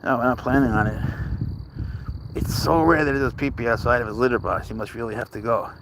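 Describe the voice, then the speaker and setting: Man, live-stream host, mid-range voice; loose, deadpan joking ramble, outdoors at night on a phone mic, light background hiss. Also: medium pitch, fairly quick. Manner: rambling, joking, talks softly to his cat and reads chat. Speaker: livestream host. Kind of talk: casual live-stream chat.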